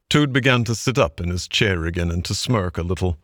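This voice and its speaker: Brief: male audiobook narrator, low voice, measured and expressive, dry close sound. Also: no echo. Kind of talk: storybook narration.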